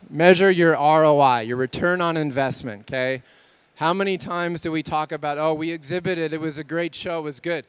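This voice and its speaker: A man giving an energetic conference talk to exhibitors, asking many rhetorical questions. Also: a little high, clear, resonant tone, no echo. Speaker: conference speaker.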